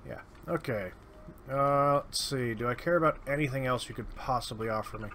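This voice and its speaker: A man's voice: medium pitch, normal speed, fairly bright tone, a little hiss or hum. A man giving casual, sardonic gameplay commentary, muttering his way through lists of items. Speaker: let's play host. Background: keyboard typing.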